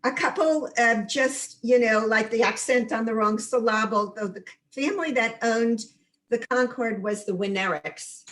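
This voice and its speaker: A woman's voice: fairly high pitch, normal speed, a bit bright, poor audio. An older woman from the Catskills in New York, speaking up from the audience in a casual, chatty way and recounting detailed memories. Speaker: audience member commenting. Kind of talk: casual chat.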